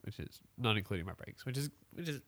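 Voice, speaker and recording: A man's voice: medium pitch, quick pace, no echo. A young man co-hosting a podcast, chatting casually with many fillers and restarts. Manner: relaxed, rambling, frequent fillers and restarts. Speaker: podcast co-host. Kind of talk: casual chat.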